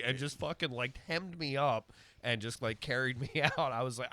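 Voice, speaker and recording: A man's voice: medium pitch, fairly quick, pushed and bright. A man on a comedy podcast telling a story in a loose, rambling way with many fillers. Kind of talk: casual comedy podcast chat.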